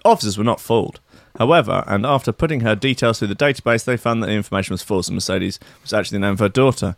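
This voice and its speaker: A man's voice: on the low side, rapid-fire, vocal fry, no room sound. A man co-hosting a casual comedy chat, reading news stories aloud and breaking off into joking asides.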